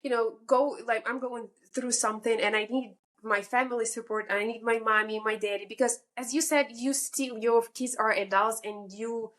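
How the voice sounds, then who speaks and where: Podcast guest, woman, 30s, slightly high voice, candid and emotional, halting phrasing. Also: steady tone, fairly bright tone. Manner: emotional, halting, restarts sentences. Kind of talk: candid interview storytelling.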